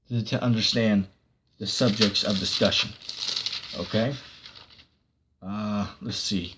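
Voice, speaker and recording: A man's voice: on the low side, animated, unhurried, long pauses, noisy background. A man giving a casual online sermon, rambling with many fillers and breaking into sarcastic bursts. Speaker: preacher.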